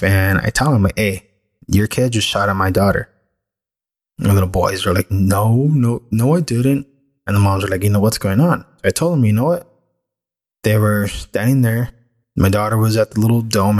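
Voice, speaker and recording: A middle-aged man hosting his own show, telling a personal story in a candid, reflective, conversational way. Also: lowish voice.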